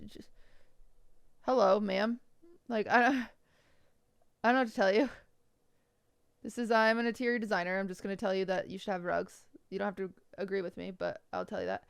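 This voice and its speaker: A woman's voice: medium pitch, vocal fry, clean tone, no echo, clean studio sound. A young woman streaming live, chatting casually and giving frank, blunt design advice, sometimes swearing for emphasis. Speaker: streamer reviewing viewers' bedrooms.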